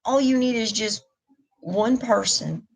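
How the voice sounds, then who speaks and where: A woman's voice: a little high, slow, creaky, husky, rough recording. A middle-aged woman, talking openly and emotionally in a rambling live stream chat. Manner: candid, emotional, rambling with restarts. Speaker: vlogger.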